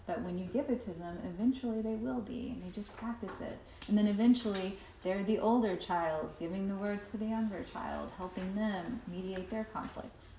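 A woman's voice: medium pitch, darkish tone. A woman giving a parenting workshop in a chatty way, with many fillers, acting out what children say. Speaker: workshop presenter. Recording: roomy echo, faint noise.

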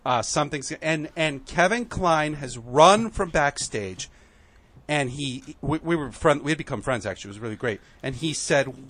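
A man telling a story on a podcast, acting out the quotes with lively shifts and growing emotional at moments. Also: fairly high pitch, brisk, no echo. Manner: animated, acts out quotes, emotional at times. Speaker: guest.

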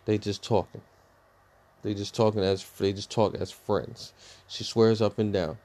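A young man telling a personal story in a rambling, profane, animated way, full of fillers. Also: on the low side, unhurried. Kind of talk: casual storytime rant.

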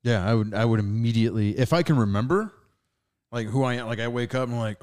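A man co-hosting a casual podcast, talking in an animated, swearing way with lots of laughter, a little tipsy on wine. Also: mid-range voice, fast talker, smooth. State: drinking wine. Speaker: podcast co-host.

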